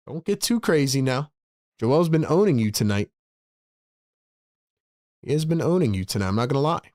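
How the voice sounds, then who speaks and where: A man hosting a fan livestream, giving excitable play-by-play and talking to his chat, with sudden loud bursts of hype. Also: mid-range voice, normal speed, pauses often, dry recording, clean studio sound.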